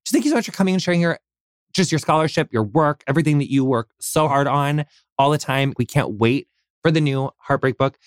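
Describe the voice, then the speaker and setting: A man's voice: on the high side, lively intonation, a little fast, clear, resonant tone, dry recording, studio quality. Gushing American man hosting a podcast. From United States. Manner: gushing, effusive, swears often, filler-heavy. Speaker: podcast host. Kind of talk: casual interview chat.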